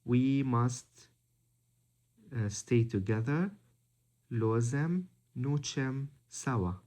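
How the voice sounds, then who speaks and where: A man giving a language lesson, reading out words slowly and deliberately one by one. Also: mid-range voice, dark tone. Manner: slow, deliberate, spells out word by word. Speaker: language teacher.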